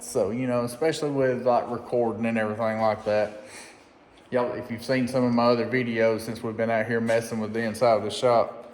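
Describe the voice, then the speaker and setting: A man, chatting excitedly and folksily in a casual DIY vlog from his unfinished workshop. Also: medium pitch, normal speed, a little hiss or hum. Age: 30s. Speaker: DIY vlogger. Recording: echoey reverberant shop room.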